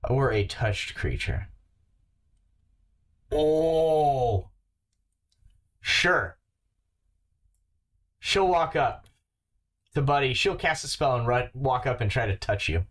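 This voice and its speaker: Game master, male, slow unhurried delivery with a lively pitch. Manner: relaxed, halting, with many fillers. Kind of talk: running a tabletop game over voice chat.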